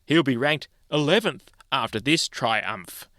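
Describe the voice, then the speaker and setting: A man reading the news in a measured, clear studio delivery. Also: mid-range voice, expressive, sharp tone, no echo. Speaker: news presenter. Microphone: studio microphone.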